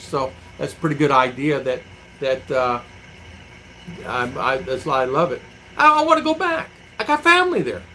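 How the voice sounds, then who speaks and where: A middle-aged man from the United States talks loosely to his livestream audience, circling back and repeating phrases as he spins homespun stories. His voice sits a little high for a man and has a bright, forward edge. A faint hum of noise sits under the recording. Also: poor audio. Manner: rambling, repeats himself, folksy storytelling. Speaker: vlogger reading viewer comments. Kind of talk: casual livestream chat.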